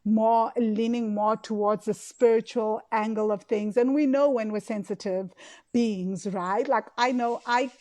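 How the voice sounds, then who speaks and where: Woman host, lightly raised pitch, expressive and conversational. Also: unhurried. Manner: emotive, chatty, fillers and tag questions. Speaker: podcast host and money coach. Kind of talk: casual solo podcast talk.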